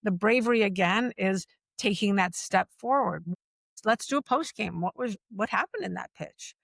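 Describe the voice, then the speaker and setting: Woman podcast guest, animated and emphatic, repeats key phrases, mid pitch, dry close sound. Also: moderate pace, vocal fry, no echo. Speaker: guest, workplace culture executive. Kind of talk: conversational podcast interview.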